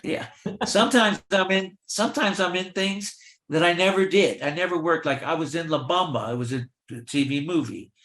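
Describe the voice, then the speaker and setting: An older man, a guest in an interview, telling lively anecdotes and acting out the voices of the people in them. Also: fairly high pitch, moderate pace, roomy sound. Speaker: film extra and actor, guest. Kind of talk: storytelling in an interview.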